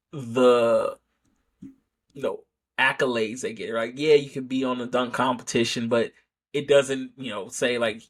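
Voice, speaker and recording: A man hosts a casual sports podcast and talks through his opinions in a loose, off-the-cuff way. He often restarts his sentences and keeps checking in with a rhetorical "right?". His voice sits at an ordinary middle pitch. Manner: rambling, self-correcting, rhetorical "right?" asides. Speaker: podcast host.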